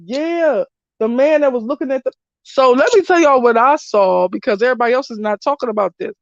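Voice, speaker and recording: A woman's voice: high-pitched, brisk, dry recording. A woman giving casual spoken commentary as a spiritual reader, blunt, emphatic and freely swearing. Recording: dull lo-fi dry recording.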